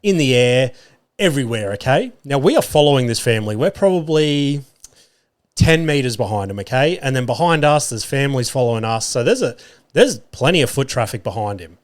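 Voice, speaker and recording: A man's voice: medium pitch, lively intonation, brisk. An Australian man hosting a podcast, telling a comic story in a profane, exaggerated rant and talking straight to his listeners. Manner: fillers and restarts, addresses listeners directly. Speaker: podcast host.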